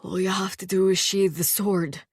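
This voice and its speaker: Woman reading immortal swordsman, terse, deadpan, slightly lowered voice, calm, dry close audiobook sound. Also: normal speed, slightly rough, dry recording, close to an everyday voice. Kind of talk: audiobook character voice.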